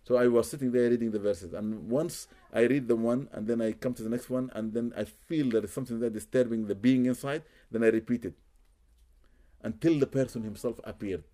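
A man's voice: mid-range voice, fairly quick, mellow. Man telling a story with religious phrases. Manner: sprinkles Arabic religious phrases; repeats words for emphasis. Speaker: Muslim spiritual healer. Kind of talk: storytelling interview answers.

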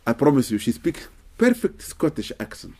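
An earnest man gives religious guidance in a relaxed question-and-answer session. He speaks at an ordinary pitch and keeps checking that his listeners follow him with a quick "okay?" between points. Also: slightly rough. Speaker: Islamic teacher answering questions. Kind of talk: casual religious Q&A talk.

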